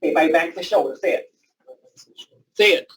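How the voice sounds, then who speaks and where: A man's voice: a little high, quick pace, a bit bright, distant mic, a little hiss or hum, poor audio. A man leading a naturopathy training class, coaching volunteers through a live demonstration and repeating short commands. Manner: loose, informal phrasing. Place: training room before a live audience.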